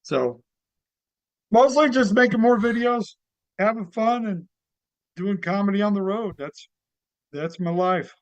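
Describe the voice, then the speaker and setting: A relaxed comedian talking on a podcast in an easygoing, halting way. His voice sits a touch high and smooth. The recording is dry and slightly muffled. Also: no echo. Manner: easygoing, halting, many fillers. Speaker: comedian guest. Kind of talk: casual interview chat.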